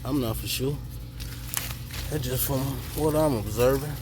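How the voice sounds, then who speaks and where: A man's voice: medium pitch, a little slow, noisy background. A man giving an easygoing, thinking-aloud tour of his home garden outdoors, filmed on a handheld phone. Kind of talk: casual garden walk-through. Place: outdoor garden on a hot day.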